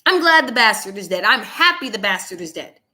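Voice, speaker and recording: A woman's voice: medium pitch, sing-song, a little fast, pushed and bright. A young woman hosting her own commentary show, delivering a heated, blunt monologue and repeating herself for emphasis. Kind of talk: angry political commentary monologue.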